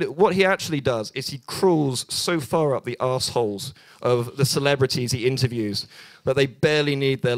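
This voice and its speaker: A young British man performs stand-up at a bar's open mic night, speaking into a handheld stage mic in a mid-range voice with no echo. His humor is dry and self-deprecating, and he rambles with lots of ums and restarts.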